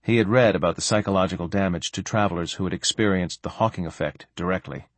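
A man narrating an audiobook in an expressive, varied delivery. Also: low-pitched, fast talker, dry recording. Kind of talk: scripted narration.

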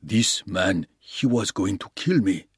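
A humble hotel porter speaks softly and deferentially in a low, slow voice, as a man puts him on. The recording is dry and close. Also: animated, breathy edge, no room sound, full character voice. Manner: soft, deferential.

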